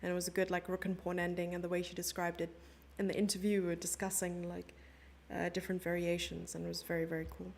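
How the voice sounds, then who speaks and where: A woman's voice: fairly low pitch, monotone, fast, vocal fry, few pauses, darkish tone. A young South African woman commentating a chess stream live and chatting with her viewers in a giggly, casual way. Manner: chatty, giggly, reads chat messages aloud.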